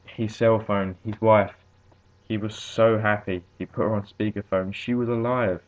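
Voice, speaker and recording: A shaken female medic who speaks in halting phrases, as a man reading the story puts her on. The voice stays low. It comes through tinny, phone-like audio. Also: flat delivery, lightly acted.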